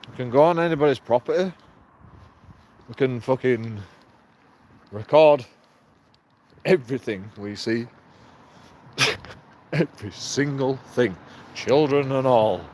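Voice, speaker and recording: A man's voice: mid-range voice, slow, pauses often, darkish tone, a little hiss or hum. A man, rambling and swearing in a casual vlog monologue with frequent chuckles. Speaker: vlogger.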